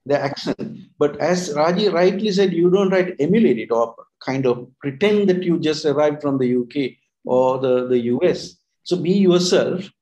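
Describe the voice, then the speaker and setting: A man's voice: fairly high pitch, normal speed, dark tone, highs cut off. Rambling man teaching English. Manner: rambling, repeats words and restarts, many fillers. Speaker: co-host of an English-learning talk. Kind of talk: casual teaching chat.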